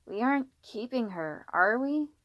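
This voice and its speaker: A woman's voice: lively intonation, unhurried, no room sound, muffled recording. Woman putting on a whiny little boy. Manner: whining, high and shrill.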